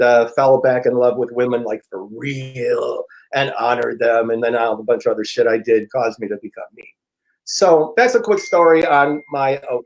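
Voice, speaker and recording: A middle-aged man, an interview guest and personal growth teacher, telling a story in a frank, profane, animated way and acting out the dialogue. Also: medium pitch, rough recording. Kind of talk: casual storytelling.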